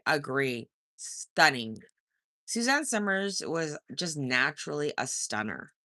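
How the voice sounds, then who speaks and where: A woman's voice: lowish voice, fairly bright tone, no room sound, studio quality. A woman hosting a casual livestream, chatting and teasing as she reads viewer comments, often laughing and singing short snippets. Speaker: livestream host. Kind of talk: casual live chat reading comments.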